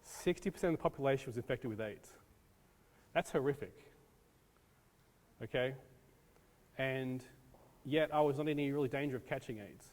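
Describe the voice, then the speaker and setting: American guy teaching a class, lots of ums, mid pitch, long echo in the hall. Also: moderate pace, long pauses, darkish tone. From United States. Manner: casual, talks to audience, many ums. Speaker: disaster preparedness presenter. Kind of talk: classroom lecture.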